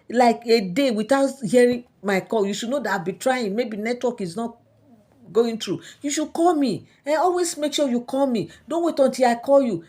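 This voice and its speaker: A devoted young queen, anxious and pleading, speaks with a Nigerian accent, as a woman puts her on. Her voice rides higher than a plain speaking voice, and she presses each word earnestly. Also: darkish tone.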